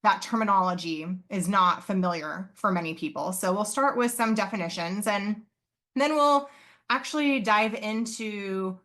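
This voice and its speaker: A woman professor presents live over a video call, her voice bright and forceful. She explains earnestly, pausing on fillers and correcting herself as she goes. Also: medium pitch. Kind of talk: live online conference presentation.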